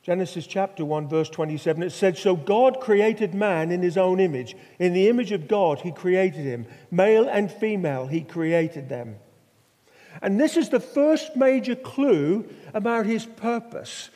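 A man's voice: sits high, animated, measured pace, warm tone. An older man from Norfolk, England, preaching a sermon with stories and rhetorical questions. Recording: long hall reverb.

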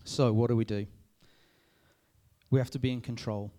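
A man, a youth pastor giving a lively talk to a youth group, checking in with them often. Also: mid-range voice, normal speed. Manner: lively, addresses the group with frequent "okay?" checks. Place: room with a live youth audience.

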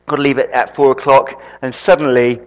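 A man preaching a sermon, an animated storyteller who throws quick asides to the congregation. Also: medium pitch. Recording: long reverb in a hall.

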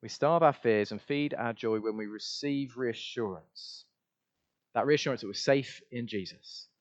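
A man preaching a sermon in an emphatic voice, repeating refrains and shifting his loudness widely. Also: mid-range voice, a little slow, muffled recording.

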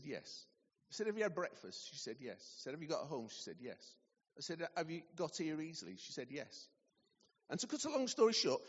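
Animated man preaching in a hall. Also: high-pitched. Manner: animated storytelling, acting out dialogue. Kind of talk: sermon. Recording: dull recording in a large reverberant hall.

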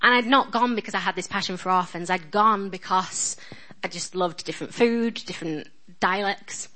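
A woman with a strong Northern English accent preaches in a chatty, earnest way, poking fun at herself as she goes. Her voice is bright and forward, sitting at an ordinary pitch for a woman. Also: moderate pace, poor audio. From England. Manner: chatty, self-deprecating and earnest. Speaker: guest speaker at a church. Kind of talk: sermon.

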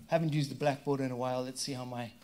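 A man's voice: mid-range voice, fairly even intonation, fast talker, background noise. Fervent middle-aged male pastor preaching. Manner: emphatic call-and-response preaching, rising and dropping in force; jokey asides to the congregation. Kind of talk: sermon. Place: church stage before a congregation.

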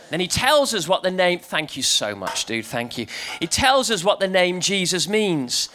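A man's voice: high-pitched, normal speed. A man giving a playful family church talk, telling a joke and then coaxing the congregation to join in. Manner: lively, playful, coaxing the crowd. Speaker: preacher.

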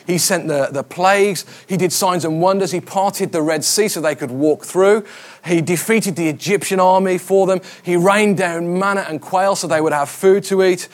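A middle-aged man, a pastor, preaching a conversational sermon, with stories and quoted voices. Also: high-pitched.

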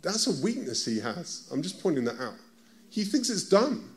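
A man's voice: sits high, big pitch swings, normal speed. British man preaching in a chatty way. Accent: British English. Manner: conversational preaching, asks the listeners direct questions. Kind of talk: sermon.

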